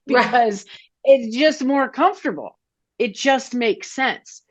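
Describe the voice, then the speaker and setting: A woman's voice: on the high side, expressive, slow pace, breathy edge, muffled recording. A woman in her forties, a foot health clinician, explaining things casually with many fillers and restarts in an interview.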